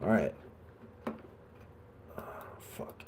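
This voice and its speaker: A man's voice: very slow, noisy background. A man chatting casually on a live stream, rambling and swearing now and then.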